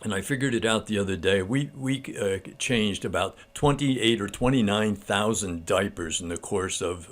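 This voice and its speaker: An older man giving a casual spiritual talk, telling a story in a halting, homespun, earnest way. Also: fairly low pitch.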